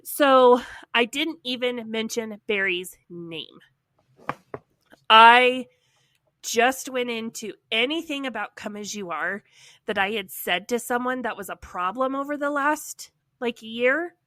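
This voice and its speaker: A woman podcast co-host telling a personal story in a casual, animated way, filling her speech with "like.". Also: fairly high pitch, takes it slowly, no echo. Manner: animated, heavy use of "like".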